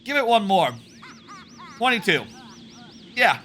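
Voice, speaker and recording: A man's voice: sits high, big pitch swings, slow, fairly bright tone, a little hiss or hum. Rambling streamer, man in his thirties. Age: 30s. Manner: rambling, with many fillers and restarts. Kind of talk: casual live-stream chatter while gaming. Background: faint game music.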